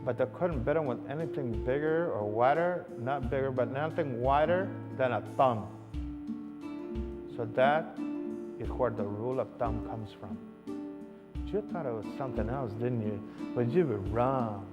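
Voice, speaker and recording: A man's voice: mid-range voice, moderate pace, muffled recording, music in the background. A man hosting a comic trivia segment to camera, teasing and emphatic. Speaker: show host.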